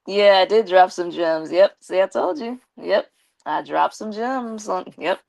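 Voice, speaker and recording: A woman with a slight lisp, chatting casually with her viewers on a live stream and giving them shout-outs. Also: medium pitch, measured pace, gravelly.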